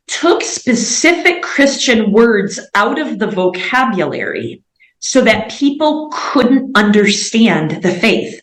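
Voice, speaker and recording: An earnest American woman in her forties talks through an interview at an ordinary pitch, her sentences strewn with "like" and "um". The room around her is echoey and roomy. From United States. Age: 40s. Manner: earnest, many fillers like "like" and "um". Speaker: missionary guest. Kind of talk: interview conversation.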